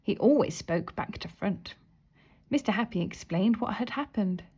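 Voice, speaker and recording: A woman reading a children's storybook aloud, expressive with soft whispered asides. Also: mid-range voice, normal speed, slightly rough. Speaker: story reader.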